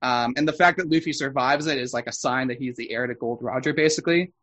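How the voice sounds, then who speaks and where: A man's voice: medium pitch, quick pace, a bit bright. A man co-hosting a podcast, explaining details casually and correcting himself as he goes. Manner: explanatory, self-correcting, knowledgeable fan. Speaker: podcast co-host. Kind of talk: casual chat.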